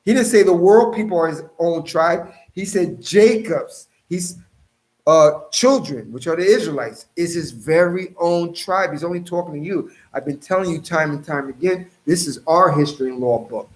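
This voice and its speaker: Preacher, male, slightly raised pitch; reads verses and comments on them with emphatic, slowed-down stresses. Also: low-quality recording. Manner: emphatic, slows down to stress key phrases, talks straight to listeners. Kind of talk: scripture reading with commentary.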